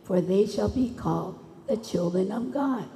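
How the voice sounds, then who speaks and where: A woman's voice: medium pitch, animated, a little slow, creaky, dark tone. A woman giving an earnest religious funeral speech, preaching and bearing testimony. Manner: earnest, preaching, switches languages. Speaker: funeral speaker. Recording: echoey hall, faint noise.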